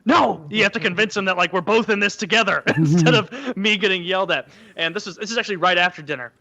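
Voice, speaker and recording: Bright high-voiced man telling stories. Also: fast talker, gravelly, lo-fi sound. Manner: animated, acts out quotes in a high voice. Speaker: podcast co-host. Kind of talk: casual storytelling.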